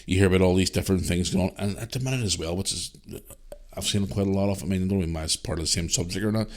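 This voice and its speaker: A man's voice: low-pitched, racing, a little mellow. A man hosting a casual solo podcast, answering listener emails in a rambling way with restarts and strong swearing. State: parent, a single dad. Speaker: podcast host.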